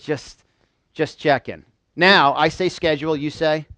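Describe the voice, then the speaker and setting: A man's voice: on the high side, slow, sharp tone, no room sound. A man from New York giving a live motivational seminar, quizzing a small audience in call-and-response. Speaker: motivational speaker.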